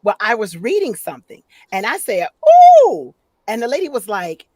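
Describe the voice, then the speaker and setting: A woman talks from her office over a video call, her voice dry and close with little room sound. She tells her story in an expressive, upbeat way at a middle pitch. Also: fairly quick, no echo. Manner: expressive, upbeat storyteller who acts out quotes. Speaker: guest, author and voice-over talent. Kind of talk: casual interview chat. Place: home office.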